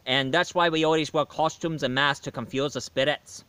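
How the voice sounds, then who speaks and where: A man's voice: fairly high pitch, steady tone, moderate pace, bright, forceful tone, smooth, no echo. A man voicing a boastful, flirty male leprechaun in a put-on Irish brogue, jolly and chummy. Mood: storytelling. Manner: jolly, chummy, drops laddie and aye. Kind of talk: storytelling character voice.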